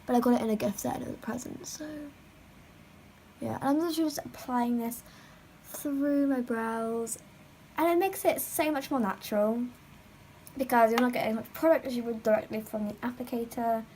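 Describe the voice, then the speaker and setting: A teenage girl talks through her makeup routine at home in a loose, rambling way. Her voice sits a little high, and she keeps dropping in "like" as she goes. A faint hiss runs under the recording. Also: normal speed, darkish tone, rough recording. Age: teens. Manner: chatty, rambling, lots of "like". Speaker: beauty vlogger. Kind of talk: makeup tutorial chat.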